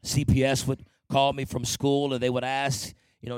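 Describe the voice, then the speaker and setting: A man's voice: mid-range voice, fairly even intonation, moderate pace, hardly any pauses, clean tone, no room sound. A man telling his life story to a congregation in a church testimony, speaking conversationally and often asking the listeners for an amen.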